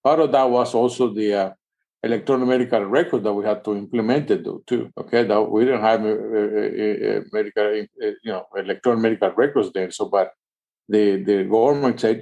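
A man physician joining the interview, talking haltingly with many fillers. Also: lowish voice, fairly even intonation, dark tone. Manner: halting, full of fillers and "kind of". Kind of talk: conversational interview answers.

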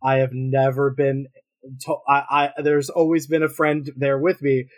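A man's voice: medium pitch, level tone, measured pace. A man, co-host of a podcast, telling blunt stories in casual chat and swearing freely.

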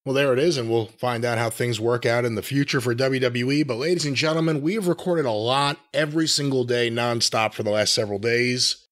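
A man's voice: mid-range voice, a little fast, a bit bright. A man hosting a podcast in a casual way, wry and jokey as he steers the talk. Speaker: podcast host.

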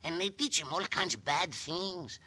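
An actor playing a jolly, clumsy Mexican sidekick with a Mexican Spanish accent, broken English and a giggle, in an old radio western. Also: male voice, a little high, lively intonation, normal speed, close to an everyday voice. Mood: storytelling. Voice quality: broken English, speaks of himself by name, giggly. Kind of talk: 1950s radio western acting. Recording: hissy old radio transcription.

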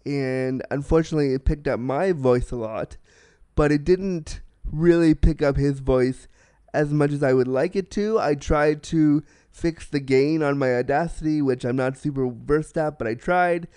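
A man hosting a casual podcast interview at home, chatty and excitable, often laughing, speaking into a desk mic. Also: a little high, moderate pace, smooth. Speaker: podcast host. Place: small apartment room. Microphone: desk mic, guest sharing it.

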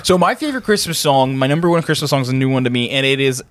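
A man's voice: mid-range voice, lively intonation, racing. A man co-hosting a casual podcast who talks in a playful, enthusiastic, joking way. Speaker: podcast co-host. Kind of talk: casual chat.

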